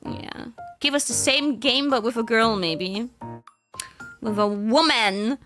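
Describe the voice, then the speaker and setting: A woman's voice: on the high side, slow pace, a bit bright, soft background music. A young woman chatting casually on her stream, rambling with fillers and frequent giggles. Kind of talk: casual chat.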